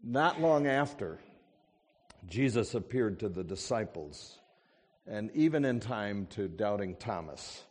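A man preaching a sermon and reading a story with slow, dramatic storytelling that swells to fervent passages. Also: fairly low pitch, very animated, slightly rough. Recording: long hall reverb.

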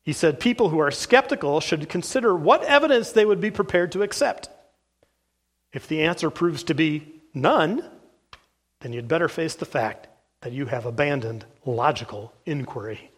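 A male pastor delivers a sermon, reading passages aloud from a book at an earnest, even pace. His voice sits a little higher than most men's, and he pauses now and then with a soft "uh". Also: slightly rough. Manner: earnest, steady reading with filler "uh"s.

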